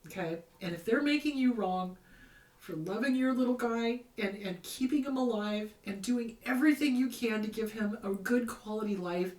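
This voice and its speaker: A woman's voice: fairly high pitch, moderate pace, a little mellow. A woman therapist hosting a show, giving casual advice in a blunt, emphatic way and repeating her key points. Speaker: therapist host answering viewer questions. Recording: roomy echo, mic at a distance.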